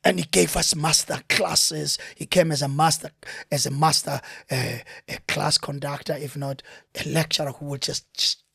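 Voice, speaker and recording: A middle-aged South African man talks in a relaxed interview, and his voice climbs and falls as he gets caught up in his stories. He often restarts his sentences and repeats words. The room sounds dry and close. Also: moderate pace, gravelly, breathy edge, dry recording. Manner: animated storyteller, lively pitch swings, many restarts. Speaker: veteran actor, interview guest. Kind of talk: casual interview chat.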